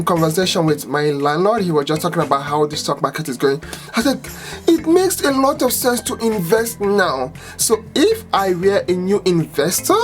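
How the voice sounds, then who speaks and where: A young woman chatting in a casual finance vlog, lively and exclamatory as she acts out her own reactions. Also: on the low side. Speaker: finance vlogger.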